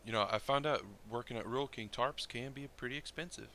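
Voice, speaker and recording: A man playing in a tabletop game, talking casually and clearing his throat now and then. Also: medium pitch, fast, bright, forceful tone. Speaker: player. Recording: faint background noise.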